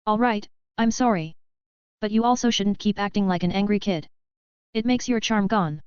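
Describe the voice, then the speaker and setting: A woman reading the lines of a calm, mature young male mage in an even, unhurried way. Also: medium pitch, clear, resonant tone, no echo, natural voice. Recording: dull, lo-fi, dry sound.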